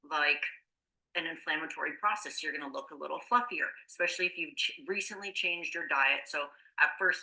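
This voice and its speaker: A woman's voice: low voice, bright, forceful tone, rough recording. A woman nutrition coach in casual conversation, explaining things with many fillers and restarts. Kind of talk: casual podcast chat.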